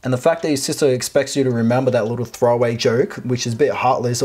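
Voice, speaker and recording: Aussie guy ranting about a reddit post, husky voice, swears a lot, sarcastic. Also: mid-range voice, fairly even intonation, fast talker, hardly any pauses, darkish tone. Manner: blunt, profane, sarcastic. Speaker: video host. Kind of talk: reading and commenting on a reddit post.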